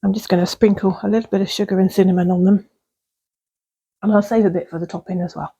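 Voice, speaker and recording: A woman's voice: mid-range voice, fairly even intonation, fast, vocal fry, warm tone, slightly rough. A woman chatting casually while baking in her cottage kitchen, rambling along with fillers and little laughs. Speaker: vlogger baking at home. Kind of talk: casual cooking vlog chat.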